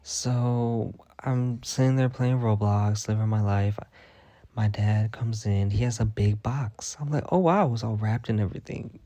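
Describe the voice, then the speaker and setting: Profane young man ranting, mellow and low. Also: a little slow, dry recording. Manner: profane, dramatic, animated retelling. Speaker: vlogger. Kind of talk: casual storytelling rant.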